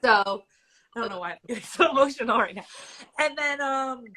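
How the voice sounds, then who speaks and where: A woman's voice: on the high side, animated, brisk, pushed and bright, rough recording. A woman in her forties telling her own story as a patient in a live Q&A, candid and conversational, at times emotional. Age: 40s. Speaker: IVF patient guest.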